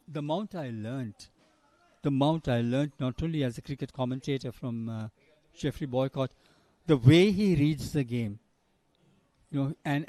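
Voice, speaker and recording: A man's voice: on the high side, dark tone. Older Sri man, chatty cricket commentator. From Sri Lanka. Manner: chatty storyteller, drifts between anecdotes and play calls. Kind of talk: live cricket commentary with anecdotes.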